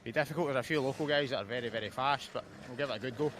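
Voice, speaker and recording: Scottish kart racer, quick and matter-of-fact, noisy trackside. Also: male voice, medium pitch, a bit bright. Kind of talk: trackside interview. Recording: outdoor track with clear noise.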